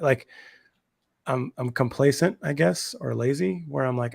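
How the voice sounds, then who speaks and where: A man's voice: mid-range voice, moderate pace, creaky, long pauses, slightly rough, no echo. A man in his thirties co-hosting a casual livestream chat, enthusiastic and rambling, full of slang and fillers. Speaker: co-host.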